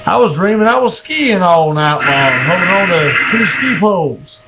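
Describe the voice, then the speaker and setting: A man with a drawl tells dirty jokes slowly, slipping into the characters' voices. His voice is gravelly and a little high, and it swings widely in pitch. The recording is dull and lo-fi, with a faint hiss underneath. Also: sing-song. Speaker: joke teller.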